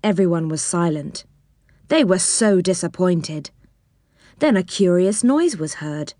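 A woman narrating a children's storybook in a lively, expressive way. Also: on the low side, measured pace, dry recording, studio quality.

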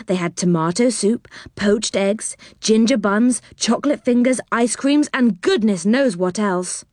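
A woman reading a children's storybook aloud, gentle and expressive. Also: mid-range voice, measured pace, no room sound, clean studio sound.

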